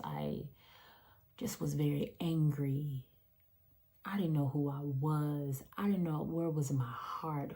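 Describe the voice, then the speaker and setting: Her voice is deep and warm with a breathy edge as this mother of three recounts her story into her phone's front camera. The vlog is earnest and emotional, and she repeats phrases to drive her points home.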